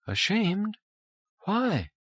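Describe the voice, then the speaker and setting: A man voicing a gentle, childlike young empress in a storybook, speaking softly with a lilting, raised pitch. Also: sing-song, moderate pace, no room sound.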